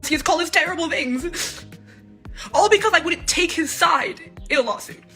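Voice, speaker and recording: A twenty-year-old woman speaking out in an emotional, unscripted monologue, rambling and halting, with nervous laughs. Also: very high voice, sharp tone, soft background music. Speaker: daughter speaking out in a personal video.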